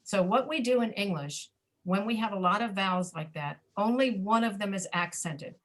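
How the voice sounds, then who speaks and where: A woman with an American accent teaching an online English pronunciation class, patiently repeating words slowly to show where the stress falls. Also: mid-range voice, a bit bright.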